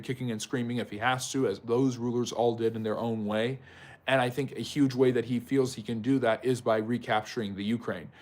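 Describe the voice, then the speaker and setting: Male live-stream history host, mid-pitched voice, conversational, answers chat by name, rambling explanations full of ums and self-corrections. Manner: talks directly to chat viewers by name.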